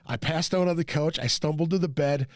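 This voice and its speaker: A man hosting a podcast who tells a rambling, profane, self-mocking story and jumps into high yelps when quoting himself. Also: brisk, no room sound, clean studio sound. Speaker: podcast host. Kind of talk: casual storytelling monologue.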